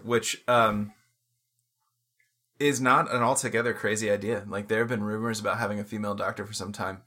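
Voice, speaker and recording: A man's voice: on the low side, pushed and bright. A man in his thirties, co-hosting a casual podcast, rambling with many ums and restarts and casual swearing. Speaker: podcast co-host.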